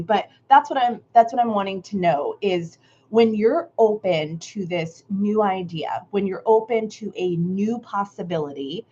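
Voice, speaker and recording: A woman's voice: medium pitch, warm tone, husky, highs cut off. A woman hosting a live creative workshop stream, greeting viewers by name and musing reflectively on their comments.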